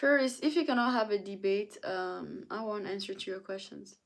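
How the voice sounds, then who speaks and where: A woman's voice: mid-range voice, normal speed. Tired woman streamer reading chat. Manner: reads chat messages aloud and answers them. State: tired, yawning. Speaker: livestreamer. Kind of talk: casual live-stream chat.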